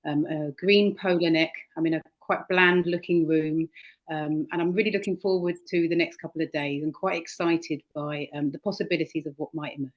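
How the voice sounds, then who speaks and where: A woman's voice: sits low, steady tone, normal speed. A woman in her fifties introducing herself briefly and in a friendly way on a video call. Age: 50s. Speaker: co-investigator. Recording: dull lo-fi call audio.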